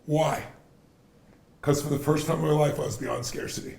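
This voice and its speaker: A man as a podcast guest, telling stories in an animated, emphatic way and repeating phrases for effect. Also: fairly high pitch, moderate pace, creaky. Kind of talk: animated storytelling in conversation. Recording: roomy echo.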